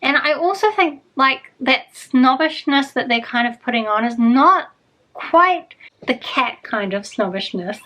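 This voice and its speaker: A woman's voice: sits high, lively intonation, unhurried, bright, forceful tone, rough recording. A woman talking casually in a reading vlog, rambling and chatty, often correcting herself mid-sentence. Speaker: book vlogger.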